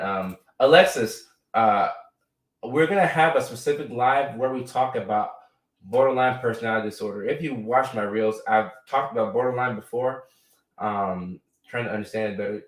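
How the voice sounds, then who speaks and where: With a voice on the low side and a moderate pace, an American man hosts a live stream conversationally, frequently dropping "right?" and fillers. He's far from the mic, a bit off it, in an echoey room.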